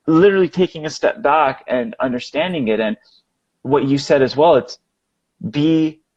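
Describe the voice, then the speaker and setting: A man's voice: a little high, moderate pace, lo-fi sound. A man hosting a podcast, talking casually and acting out little quoted thoughts. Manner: animated, acts out quoted thoughts. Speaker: podcast host.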